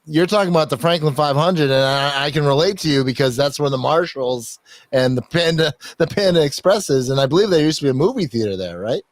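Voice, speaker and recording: A man hosts a casual podcast, reading bios aloud and drifting into jokes and swearing. His pitch swings widely, and the sound is dry and close. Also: animated, fairly quick, no echo. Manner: rambling, joking, swears and laughs often. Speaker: podcast host.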